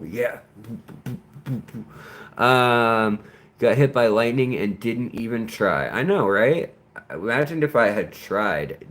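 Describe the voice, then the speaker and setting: Rambling, animated male livestream host. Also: medium pitch. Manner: rambling and animated, stumbles over names. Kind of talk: casual livestream chat, greeting viewers.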